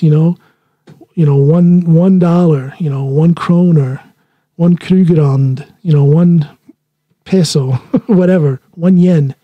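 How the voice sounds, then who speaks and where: Living in Norway, this man hosts his own podcast, wandering between points in easy solo talk and laughing at himself. Though slightly high, his voice sounds very dark, mellow and husky. The audio is close and dry.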